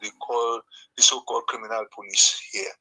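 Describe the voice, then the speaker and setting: A man's voice: medium pitch, steady tone, moderate pace, bright, forceful tone, slightly rough. A Nigerian man calling in, rambling and mixing English with local words over a phone line. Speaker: caller.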